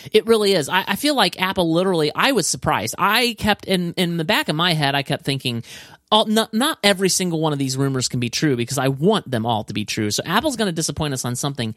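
An enthusiastic man chatting casually about tech, his pitch leaping up when he gets excited. He restarts sentences often as his thoughts race ahead of him. The sound is dry and close. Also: fast talker, dry recording. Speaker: podcast co-host.

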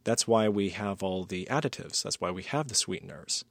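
A man's voice: low-pitched, normal speed, creaky, fairly bright tone, no echo. A man hosting a casual interview show, asking long, thoughtful questions. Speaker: podcast host.

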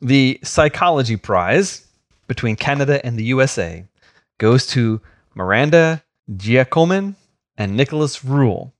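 A man's voice: mid-range voice, lively intonation, unhurried. A man telling stories in casual chat, often breaking into laughter.

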